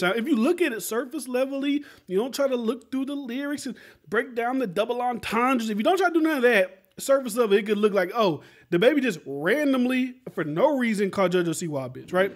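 A man with a fairly high voice talks through his podcast commentary. He rambles along loosely, filling his talk with "like" and "right?" and keeping it animated and conversational. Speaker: podcast host. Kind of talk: casual commentary.

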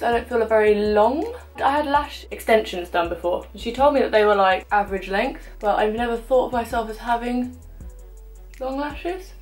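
A woman in her twenties chatting casually through a makeup tutorial, self-mocking and talking as she applies products at home. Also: on the high side. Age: 20s. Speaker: beauty vlogger.

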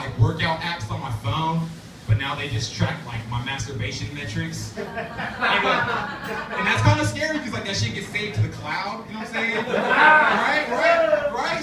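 Profane stand-up man in a noisy room. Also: high voice. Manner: loose, profane, casual delivery with many fillers. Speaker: stand-up comedian. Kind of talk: stand-up set at an open mic. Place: laundromat café venue. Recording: roomy, distant, noisy live recording. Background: audience laughter and room chatter.

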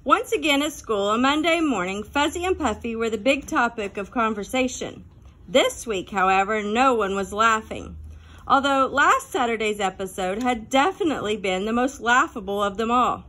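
High-voiced woman narrating a children's book. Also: animated, moderate pace, bright, forceful tone. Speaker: audiobook narrator. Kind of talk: storybook narration.

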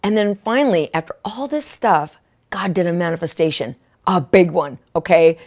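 A woman minister telling a testimony in a sermon, excitable, often laughing and asking "right?" and "okay?". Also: on the low side, normal speed. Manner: laughs often mid-sentence.

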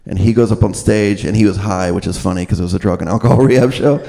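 A man doing a stand-up comedy set on a club stage, telling deadpan stories full of swearing and quick put-on voices. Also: on the low side, vocal fry. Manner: deadpan storytelling, swears, acts out other voices. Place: comedy club stage before a live audience.

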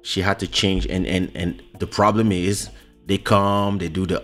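Low-voiced man hosting a ranting chat. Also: unhurried, soft background music. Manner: animated, ranting. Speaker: host. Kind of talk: casual livestream chat. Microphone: studio microphone.

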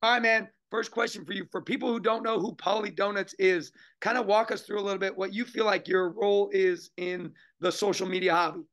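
A man with a high-pitched voice opens and runs a rapid-fire interview show. He talks in an energetic, hyped-up way full of casual hobby slang, and he sounds like he is on a video call. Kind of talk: upbeat interview intro and questions.

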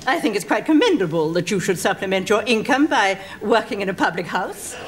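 A woman's voice: mid-range voice, animated, fairly quick, very noisy, natural voice. A woman playing a haughty demanding customer. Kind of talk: 1970s sitcom acting.

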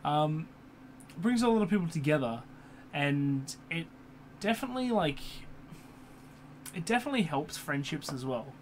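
A man's voice: on the high side, animated, normal speed, pauses often. Rambling, cursing young man over fan hum. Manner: swears often, many fillers and restarts. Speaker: YouTuber. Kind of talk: casual rambling vlog. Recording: computer fan hum in background.

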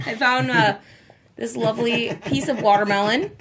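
A woman's voice: on the high side, fairly even intonation, unhurried, background noise. A woman hosting a casual toy review, giggly and gushing. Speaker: host.

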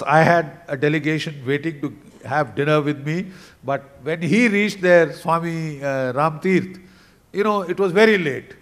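A man in his sixties with an Indian English accent, telling an anecdote at a conference and mixing in Hindi phrases. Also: on the high side. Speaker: conference speaker. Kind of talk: storytelling speech.

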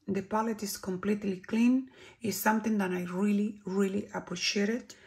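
A woman from Chile with a Chilean Spanish accent, reviewing beauty products in an unhurried way and dropping to soft whispers when she admires something. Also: medium pitch, steady tone. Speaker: beauty vlogger.

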